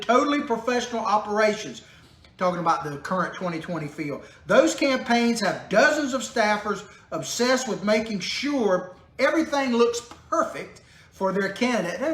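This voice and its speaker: A man's voice: sits high, a bit bright. A man hosting a political commentary show in a small home studio, talking casually with sarcastic jokes and frequent chuckles. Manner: joking, sarcastic asides, chuckles often. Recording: roomy echo in a small studio.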